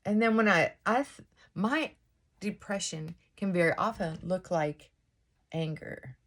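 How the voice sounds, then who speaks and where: A woman hosting a casual get-ready-with-me vlog, reflecting out loud and often asking rhetorical questions. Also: on the low side, a little slow. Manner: musing, asks many rhetorical questions; thinking aloud with frequent restarts and asides. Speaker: vlog host. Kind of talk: casual reflective monologue while getting ready.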